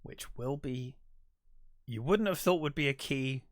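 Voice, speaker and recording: A man co-hosting a podcast, casually retelling a movie's scenes and acting out quick quotes from the characters, with the odd swear. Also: mid-range voice, no echo, studio quality. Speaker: podcast co-host. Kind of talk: casual film recap chat.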